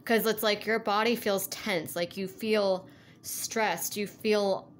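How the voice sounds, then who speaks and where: A woman's voice: medium pitch, steady tone, takes it slowly, slight background noise. A woman giving a casual tarot reading to her viewers, rambling and earnest, with lots of "like" and "you know". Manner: rambling, heavy use of "like", earnest and encouraging. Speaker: tarot reader.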